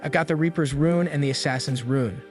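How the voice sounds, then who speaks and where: A man voicing a calm young male hero in a manhwa recap. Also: fairly high pitch, a little fast, soft background music, close to an everyday voice.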